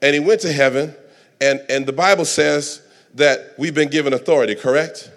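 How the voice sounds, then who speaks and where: A pastor preaching a sermon with dramatic delivery, dropping to soft asides and rising to shouts. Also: male voice, fairly high pitch, normal speed.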